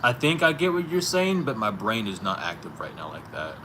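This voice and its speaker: A man's voice: fairly low pitch, brisk, background noise. A man vlogging in a casual, incredulous way, chuckling as he argues back at someone unheard. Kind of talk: casual spoken monologue. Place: outdoors on a street.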